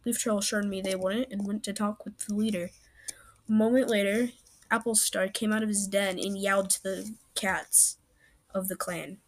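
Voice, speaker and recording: A young woman reading her own cat story aloud in first person, earnest and slightly halting. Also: medium pitch, fairly even intonation.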